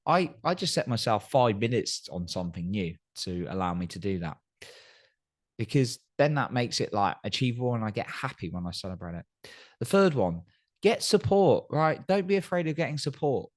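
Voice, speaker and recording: A man's voice: mid-range voice, very animated, normal speed. A man hosting a solo podcast, giving earnest coaching advice and often checking in with "right?". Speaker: podcast host. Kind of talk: solo motivational podcast talk.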